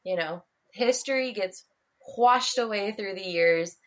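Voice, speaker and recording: A young woman co-hosting a podcast in casual chat, talkative and quick to laugh, with playful mock quotes. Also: medium pitch. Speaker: podcast co-host.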